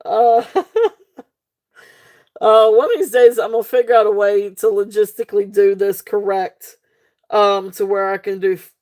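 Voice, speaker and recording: A woman's voice: mid-range voice, little pitch movement, normal speed, long pauses, darkish tone. A woman selling jewelry on a live stream, rambling in a casual way, often breaking into giggles and chatting with her viewers. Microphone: desk setup, face off camera.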